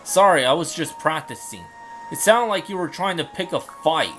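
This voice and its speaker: A man's voice: on the high side, animated, normal speed, soft background music. A man voicing a brash, boastful young male samurai retainer in a fan dub of game dialogue. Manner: loud, boastful, blunt.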